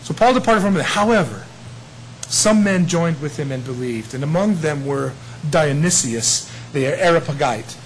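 A man preaching a sermon, conversational and playful, dropping to hushed asides and rising to loud emphatic peaks. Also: on the high side, lively intonation, normal speed, a little hiss or hum, low-quality recording. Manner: chuckles often, conversational and playful. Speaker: pastor.

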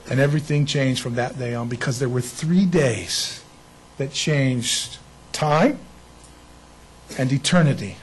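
A man preaching an Easter sermon in a lively way, acting out the people in the story. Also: medium pitch, breathy edge, low-quality recording. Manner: animated, acts out bible figures. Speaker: pastor.

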